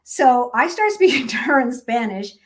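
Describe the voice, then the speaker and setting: A woman's voice: high-pitched, sing-song, moderate pace. A middle-aged woman chatting casually on a live stream, reading viewers' comments aloud and laughing often. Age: 50s. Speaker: vlogger reading live chat.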